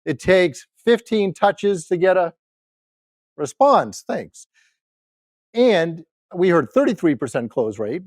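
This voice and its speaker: Keynote sales speaker, man, fifties, fairly high voice, punchy crowd-rallying delivery, dry sound. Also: darkish tone, dry recording. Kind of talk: motivational keynote to a live audience.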